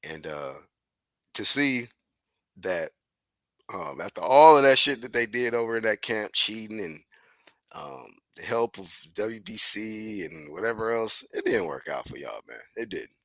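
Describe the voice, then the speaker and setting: Young guy w aave ranting, cussing, says man every line, bright punchy voice, super dry. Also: fairly low pitch, measured pace, no echo. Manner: animated, profane, repeats "man" often. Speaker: commentary host. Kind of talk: casual ranting commentary.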